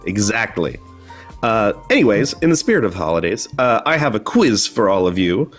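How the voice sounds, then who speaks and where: A man hosting a casual online chat over a video call, chatty and quick to laugh, often restarting his sentences. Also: lowish voice, big pitch swings, soft background music. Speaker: host.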